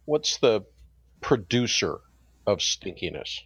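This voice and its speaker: A man's voice: fairly low pitch, very animated, slow, slightly rough, dry recording. A man co-hosting a podcast in playful, ironic banter who laughs easily. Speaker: podcast co-host.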